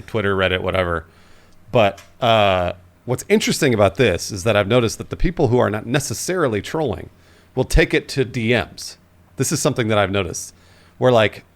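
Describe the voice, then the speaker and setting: A man in his thirties with a mid-range voice, speaking earnestly about his own experiences in a relaxed podcast conversation. He tells his stories with energy and conviction. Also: mid-range voice. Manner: earnest, animated storytelling. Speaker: podcast co-host. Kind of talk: casual chat.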